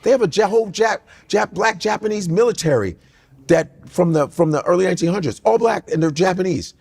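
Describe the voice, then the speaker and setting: A man's voice: high-pitched, brisk, creaky, breathy edge. A man from Nigeria, a guest on a casual talk show, telling stories animatedly and quoting himself. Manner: animated, exclaiming, quotes himself. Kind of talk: casual storytelling chat.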